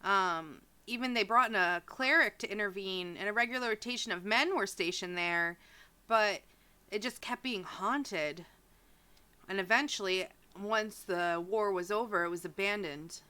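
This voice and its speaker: A woman running a tabletop game as game master, narrating slowly with many hesitations. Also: mid-range voice, bright, forceful tone, smooth. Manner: slow, hesitant, many fillers.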